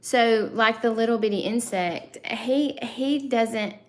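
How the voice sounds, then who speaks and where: A woman's voice: fairly high pitch, takes it slowly. A woman in her thirties with a thick Southern US accent, hosting a casual live-stream chat, rambling with lots of fillers and restarts. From Southern United States. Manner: chatty and rambling, many fillers and self-corrections. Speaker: channel host.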